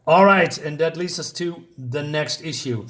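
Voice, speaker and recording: A man reviews a comic book in a loose, chatty way. He rambles, fills pauses with "um" and "uh", and corrects himself often. He reads the characters' lines aloud in much the same plain voice as his own. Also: on the high side, fairly bright tone. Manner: rambling, with many fillers and self-corrections. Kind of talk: casual video review.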